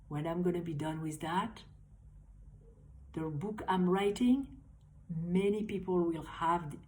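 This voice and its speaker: A woman's voice: fairly low pitch, rough recording. Emphatic woman with a French accent. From France. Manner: emphatic, repeating phrases and stressing key words. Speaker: life coach and tapping practitioner. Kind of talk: motivational video talk.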